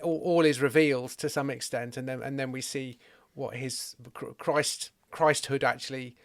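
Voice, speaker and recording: A man's voice: mid-range voice, fairly even intonation, moderate pace, gravelly. A man hosting a podcast in casual conversation, thinking aloud playfully with restarts. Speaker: podcast host. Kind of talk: casual conversation about comedy and faith.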